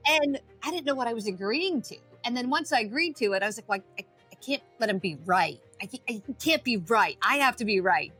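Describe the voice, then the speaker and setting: A woman's voice: fairly high pitch, lively intonation, a little fast, a bit bright, slightly rough, soft background music. A middle-aged woman telling her story casually as a podcast guest, acting out quotes with animation. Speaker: guest, addiction coach.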